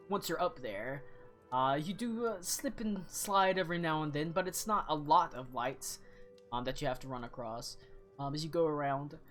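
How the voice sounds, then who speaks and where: A man narrating a tabletop fantasy game as game master, relaxed and hesitant, with lots of fillers. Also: a little high.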